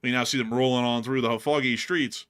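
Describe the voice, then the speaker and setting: In a fairly quick, mid-range voice with a clean tone, a news-stream co-host jokes his way through war video clips. He stays animated and jokey, bursting into silly voices and laughter.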